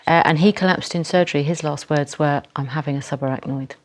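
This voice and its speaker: A woman doctor with a very low voice who talks fast and explains the medicine plainly, using everyday comparisons. She speaks as a guest on a daytime TV studio panel.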